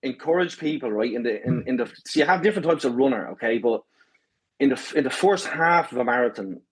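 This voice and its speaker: A man with a Dublin accent tells stories as a podcast guest. His voice is slightly husky and sits at an ordinary pitch. He swears freely, jokes constantly and checks in with "right?" every few phrases. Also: animated, quick pace, poor audio. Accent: Dublin Irish. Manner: swearing banter, lots of "right?". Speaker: podcast guest, marathon pacer. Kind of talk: casual storytelling chat.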